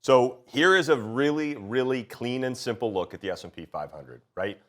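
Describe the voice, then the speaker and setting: A man's voice: medium pitch, expressive, normal speed, fairly bright tone. A man hosting a studio market talk show, sounding congested and nasal from a cold, upbeat and folksy as he walks through charts. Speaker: show host. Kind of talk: casual market chat.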